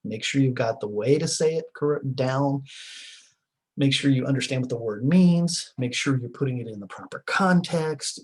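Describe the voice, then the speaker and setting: A man's voice: mid-range voice, breathy edge, poor audio. A middle-aged man giving a recorded class lecture in a rambling, conversational way, with many fillers and restarts. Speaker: teacher.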